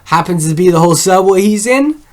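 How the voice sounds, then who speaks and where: A man's voice: high-pitched, animated, a little fast, a little mellow. Rambling, swearing man recapping a film. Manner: rambling, swears a lot, heavy use of "like". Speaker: film reviewer.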